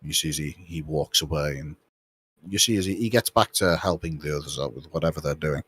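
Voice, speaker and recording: A man running a tabletop game as game master, narrating in a halting way with many restarts. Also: extremely low pitch, fairly bright tone, slightly rough.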